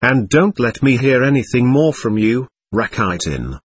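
A man's voice: medium pitch, very animated, unhurried, breathy edge. A man voicing an impulsive, emotional young Russian woman who pleads and reproaches herself. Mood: heated.

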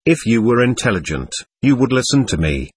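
A man reading the part of a patient doctor who questions and lectures a spirit in a séance record, with a husky voice. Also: medium pitch, big pitch swings, brisk. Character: calm, firm male doctor questioning a spirit. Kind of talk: reading a séance transcript aloud.

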